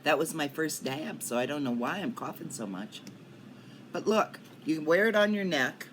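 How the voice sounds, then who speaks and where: With a deep voice, lively intonation and a moderate pace, an older woman chats loosely to her viewers as a cannabis vlogger. She rambles and coughs often, recording at her Colorado home with slight background noise.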